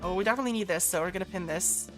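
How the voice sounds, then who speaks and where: A woman gaming streamer giving casual gameplay commentary, full of laughing asides and quick self-corrections, over game background music. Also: on the low side.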